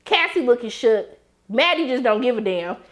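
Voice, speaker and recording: A woman chatting casually as she recaps a TV episode, talking in an animated, slangy way and acting out the scenes. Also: fairly high pitch, normal speed. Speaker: TV show reviewer.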